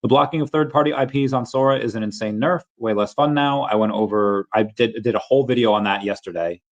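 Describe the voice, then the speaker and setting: A man's voice: medium pitch, quick pace, muffled recording. A man hosting a casual livestream, reading headlines aloud and greeting chat viewers, often restarting his words. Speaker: livestream host.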